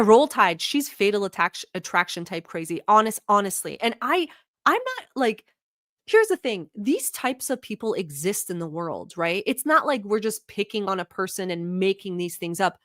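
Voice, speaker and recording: A woman's voice: mid-range voice, no echo, studio quality. Blunt, swearing woman reacting to a video. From Middle East. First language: not English. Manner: blunt, profane, animated. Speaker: vlog host. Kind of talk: reaction commentary.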